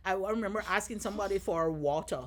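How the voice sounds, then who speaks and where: A woman from Jamaica with a Jamaican accent, a guest in a casual chat, speaking reflectively and thinking out loud as she goes. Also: fairly low pitch, unhurried. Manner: reflective, thinks aloud with many fillers and restarts.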